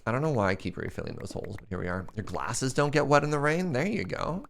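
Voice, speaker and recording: A man's voice: mid-range voice, sing-song, fast talker, gravelly, a little hiss or hum. A young man streaming a game, chatting casually and joking as he answers chat questions. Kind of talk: casual live-stream chat while playing.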